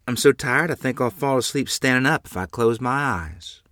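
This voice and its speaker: A man voicing a stern, worried frontier mother in a read-aloud story, raising his voice high for her. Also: animated, moderate pace, a bit bright, no echo, studio quality, natural voice. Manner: scolding, clipped.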